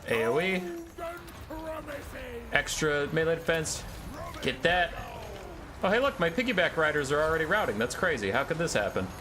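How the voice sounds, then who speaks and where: A man's voice: fairly high pitch, sing-song, normal speed, pauses often, background noise. A young man giving live commentary on his own strategy game match, issuing orders to his units with sarcastic, joking asides.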